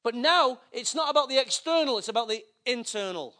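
A man's voice: very high-pitched, expressive, a little fast, sharp tone. A man preaching a sermon in a conversational, joking way, with asides to the congregation.

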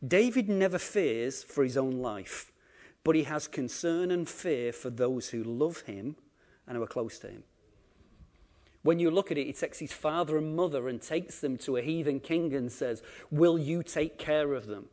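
A man preaching a sermon, acting out quotes and swinging between loud emphasis and quiet asides. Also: a little high, moderate pace. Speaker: pastor.

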